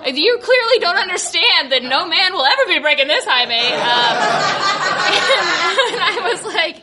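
A woman telling a comic personal story on stage, animated and laughing through her lines as she acts out what people said. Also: very high voice, moderate pace. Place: coffee shop stage. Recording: noisy live room with crowd laughter.

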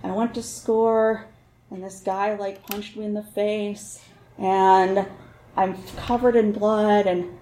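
A woman voicing a quiet, shy young male cook who mumbles helplessly. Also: medium pitch, flat delivery, takes it slowly, roomy sound, a little hiss or hum, close to an everyday voice. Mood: dazed.

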